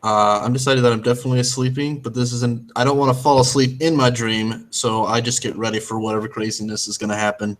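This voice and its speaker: A man playing a tabletop role-playing game, with deadpan jokes. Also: mid-range voice, quick pace, few pauses. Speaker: player.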